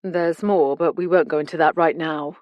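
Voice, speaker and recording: A woman voicing a male police detective who speaks in a calm, matter-of-fact way in an audiobook. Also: sits low, moderate pace, no echo, dull audio, lightly acted.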